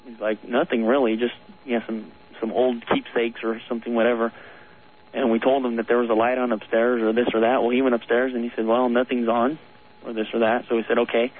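A man of middle pitch calls in to a radio show and tells a long ghost story, earnest and rambling, with small nervous laughs. His voice is thin and tinny, squeezed through a phone line on the air. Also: flat delivery, a little fast. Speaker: caller.

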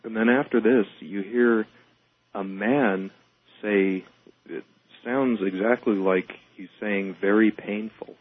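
A man talking as a paranormal investigator on a radio show, explaining calmly and in measured terms. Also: lowish voice, phone-quality sound. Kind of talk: casual radio talk.

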